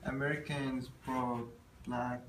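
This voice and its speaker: A man answering questions in class, speaking softly and hesitantly. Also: mid-range voice, level tone, slow pace. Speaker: student. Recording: noisy echoey classroom, from far away.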